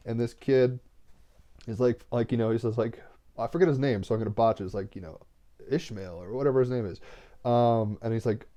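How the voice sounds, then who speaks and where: A man's voice: on the low side, a little fast, dark tone. A young man reading cards on a home livestream, talking earnestly and rambling, sometimes near tears. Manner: rambling, earnest, fillers like "like" and "right?". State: tearful, getting emotional. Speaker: tarot card reader. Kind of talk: casual spiritual livestream talk.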